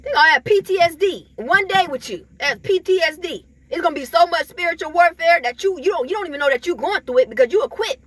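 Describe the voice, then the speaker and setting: A woman's voice: very high-pitched, expressive, quick pace, hardly any pauses. A woman giving an emphatic, repetitive spiritual pep talk to her viewers, chuckling between points. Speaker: spiritual vlogger.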